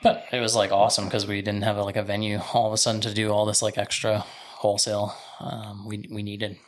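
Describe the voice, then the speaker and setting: A man's voice: on the low side, monotone, fairly quick, a little hiss or hum. A man co-owning a sausage business, talking casually in a rambling way with lots of fillers. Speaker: sausage company co-owner. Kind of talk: casual chat.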